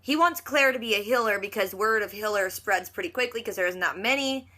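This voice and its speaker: A woman recapping a TV episode in a casual, chatty vlog, acting out quotes in quick little voices. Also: medium pitch, sharp tone. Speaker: reaction vlogger.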